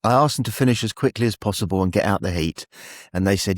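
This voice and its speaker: A man's voice: on the low side, quick pace, no room sound, clean studio sound. A man hosting, telling a rambling anecdote with wry humour and frequent chuckles. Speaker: radio host. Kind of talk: anecdotal monologue.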